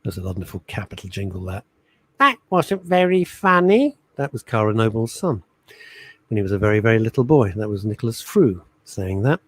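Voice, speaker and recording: A middle-aged man co-hosting a casual radio chat show, telling animated stories and breaking into little sung jingles. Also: lowish voice, quick pace, breathy edge, low-quality recording. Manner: animated storyteller, sings jingles and little musical stings. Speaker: radio co-host. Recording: radio studio.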